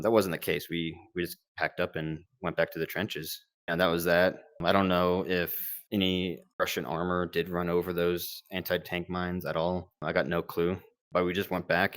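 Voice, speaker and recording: A man's voice: low voice, fairly bright tone, no echo. A young man, a former Marine medic, telling war stories casually, rambling with fillers and quoted dialogue. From United States. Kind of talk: casual storytelling interview.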